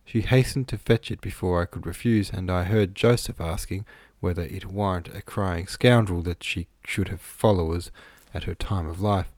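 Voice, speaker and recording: A man with a deep voice reads a classic novel in the first person. His delivery is measured and even, recorded dry and close with no room sound. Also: dry recording. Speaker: audiobook narrator.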